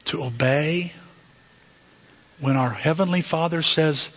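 A male pastor preaches in a chatty, conversational way, tossing rhetorical questions at his listeners. His voice is husky and sits a little higher than most men's. The recording sounds dull and lo-fi. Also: a little slow, pauses often. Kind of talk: sermon.

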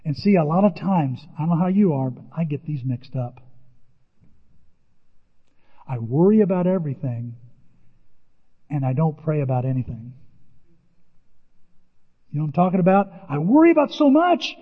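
An older man with a rather high voice preaches in an animated way and leaps up in pitch whenever he acts out a quoted line. The sound is muffled and lo-fi, and a long hall reverb trails after each phrase. He comes across as a pastor speaking from the front of a church. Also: moderate pace, pauses often, slightly rough. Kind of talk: sermon.

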